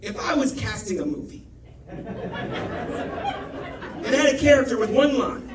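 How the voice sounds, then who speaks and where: High-voiced comedian telling a profane story. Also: male voice, animated, moderate pace, background noise. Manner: loose, profane, conversational storytelling with asides. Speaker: stand-up comedian. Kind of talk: stand-up storytelling. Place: comedy club stage with a laughing audience. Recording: echoey club recording from a distance, crowd laughter.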